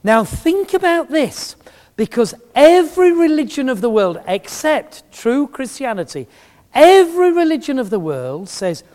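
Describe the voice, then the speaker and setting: A man's voice: very high-pitched, big pitch swings, unhurried, a little mellow. A middle-aged man preaching a sermon, telling a story with emphasis and humor. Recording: long reverb in a large hall.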